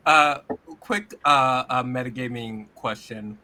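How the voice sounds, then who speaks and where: A man's voice: mid-range voice, slow, sharp tone. A man playing a tabletop role-playing game, joking around and hesitating with frequent fillers. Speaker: player. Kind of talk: casual tabletop game chat.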